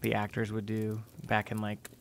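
Very low, gravelly woman, dry teasing. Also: monotone, moderate pace. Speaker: podcast co-host. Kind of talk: casual chat.

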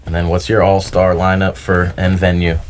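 Young male guest, very deep voice, easygoing and hesitant. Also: little pitch movement, moderate pace, noisy background. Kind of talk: casual chat.

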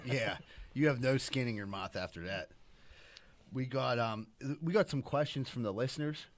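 A man's voice: medium pitch, normal speed, slight background noise. A man co-hosting a podcast, chatting in a laid-back, casual way and reading an ad spot. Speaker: podcast co-host. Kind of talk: casual chat.

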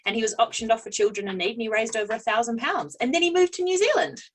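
A woman's voice: fairly high pitch, quick pace, low-quality recording. A woman co-hosting a casual podcast, telling a story in a playful, giggly way. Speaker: podcast co-host. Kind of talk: casual chat.

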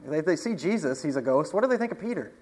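Guy preaching casual, kinda high voice, chats and asks the crowd stuff, big echoey hall. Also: lively intonation, fast talker, darkish tone. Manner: conversational, asks the audience questions, chuckles often. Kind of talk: casual sermon. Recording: long hall reverb.

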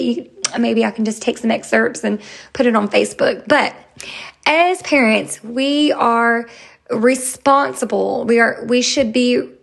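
A woman, hosting a podcast in a chatty, expressive way. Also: fairly high pitch, creaky. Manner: chatty and expressive, bursts into loud acted quotes. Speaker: podcast host. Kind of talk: casual solo podcast talk.

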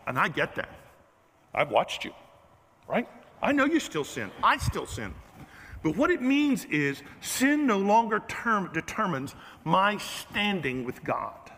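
Unhurried and high-pitched, a pastor gives a lively sermon in a church sanctuary, making self-deprecating jokes as he addresses the room. His voice leaves a long reverb tail.

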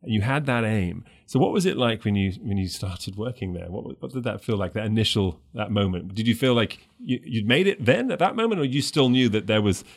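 A male host with a fairly low voice, asking long, meandering questions. He often restarts his sentences as he searches for words. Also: lively intonation, a little fast, creaky, few pauses. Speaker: podcast host. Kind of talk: interview questions.

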